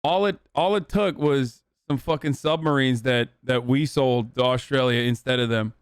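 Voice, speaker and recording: A man's voice: mid-range voice, normal speed, smooth, no room sound, clean studio sound. Profane, rambling male streamer. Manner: loose and profane, rambling with fillers. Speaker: livestreamer. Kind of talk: casual stream chat.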